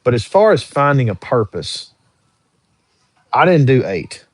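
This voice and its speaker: A man's voice: mid-range voice, sing-song, measured pace, a little hiss or hum. A young man hosting a casual livestream, reading viewer questions aloud and answering them in an easygoing, drawling way. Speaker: livestream host answering chat.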